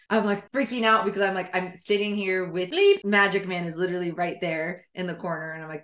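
A young woman with a bright, sharp voice tells a dating story to her co-hosts. She is animated, laughs often and swears freely. The sound is echoey, as if from a bare room. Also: mid-range voice, brisk, few pauses. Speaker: podcast co-host. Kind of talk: casual storytelling chat.

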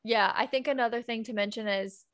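A woman's voice: fairly high pitch, fairly even intonation, a little fast, a bit bright, clear, resonant tone, dry recording. A woman co-hosting a casual Christian podcast, chatty and joking, often laughing between points. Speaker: podcast co-host. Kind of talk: casual faith chat.

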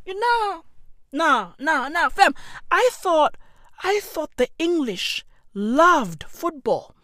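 A woman delivering a profane comedic rant, full of slang, dropping into low mutters and then bursting into shouts. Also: no echo, clean studio sound. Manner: slangy and repetitive, heavy swearing. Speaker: comic ranter.

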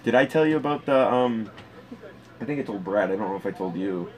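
A man's voice: fairly low pitch, fairly quick. A man telling crude stories in casual comedic chat as a podcast co-host, laughing as he talks. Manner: crude, animated, laughs through his stories.

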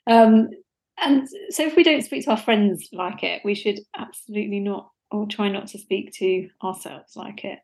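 A woman's voice: medium pitch, moderate pace, vocal fry. A woman with a Norfolk accent, co-hosting a podcast in casual, chatty conversation with quoted asides. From England. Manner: chatty, self-deprecating, with lively quoted asides. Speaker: podcast co-host. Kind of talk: casual chat.

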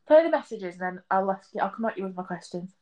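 Woman co-host, casual chat, teasing tone, quick to laugh. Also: medium pitch, lively intonation, lo-fi sound, very noisy. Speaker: podcast co-host.

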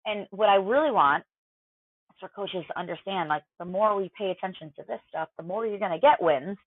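A woman's voice: medium pitch, a little fast, breathy edge, no echo. Woman coach on a tinny line. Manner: conversational, explanatory, filler-heavy. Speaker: mental performance coach. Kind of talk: podcast interview guest. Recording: dry tinny phone-like line.

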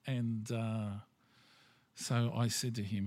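A man's voice: mid-range voice, unhurried, a little mellow, dry recording. An Australian man chatting casually, telling rambling stories with lots of filler words. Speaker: conversation partner. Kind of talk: casual chat.

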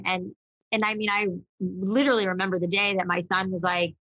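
A woman's voice: mid-range voice, little pitch movement, brisk, pushed and bright, no echo, highs cut off. A woman co-hosting a podcast, talking frankly and rambling with lots of fillers and the odd swear word. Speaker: podcast co-host. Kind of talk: candid conversational chat.

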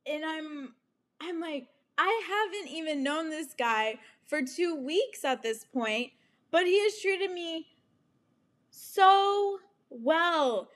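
Slow-talking frank young woman storyteller. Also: very high-pitched. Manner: frank and profane, laughing often, with animated quoted asides. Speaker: podcast host. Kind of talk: candid storytelling monologue.

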